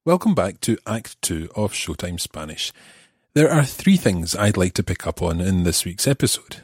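A Scottish man hosting a language lesson podcast, explaining grammar in a clear, methodical way and repeating examples slowly. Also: low voice, no echo, studio quality. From Scotland. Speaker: language teacher host.

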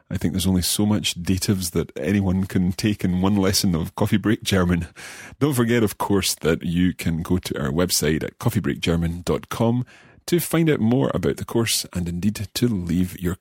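A man hosting a language lesson podcast, speaking in a clear, friendly teacherly way. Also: low voice, normal speed, a little mellow, dry recording, clean studio sound. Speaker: language course host.

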